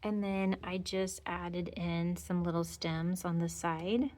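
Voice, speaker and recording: A woman's voice: lowish voice, fairly even intonation, takes it slowly, a little mellow. A woman giving a chatty, gushing tour of her decorated porch, full of fillers and sweet little remarks. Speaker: home decor vlogger. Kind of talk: casual porch tour narration. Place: outdoor porch.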